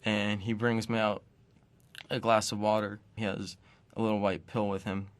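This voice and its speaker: A man quietly recounting a personal experience in pausing, fragmented phrases. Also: lowish voice, little pitch movement. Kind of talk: personal testimony.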